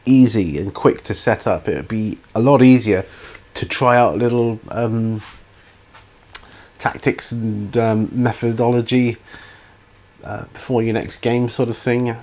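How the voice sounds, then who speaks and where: A man's voice: medium pitch, steady tone, a little slow, a little mellow. A middle-aged man, hosting a hobby channel's viewer Q&A in a rambling, hesitant way with many ums and restarts. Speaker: YouTube hobby channel host answering viewer questions. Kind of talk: casual Q&A chat.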